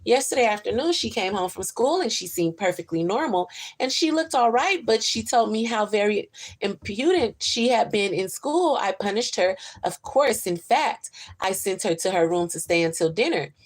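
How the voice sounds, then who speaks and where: A woman voicing an anxious, proper mother who talks in a high, strained, fretful way. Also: animated, moderate pace, lightly acted.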